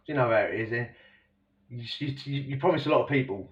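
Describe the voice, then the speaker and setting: This man has a mid-range voice and talks quickly, casually spinning a rambling, slangy tale about prison life with plenty of asides to the listener. The audio is distant and dull, lo-fi quality.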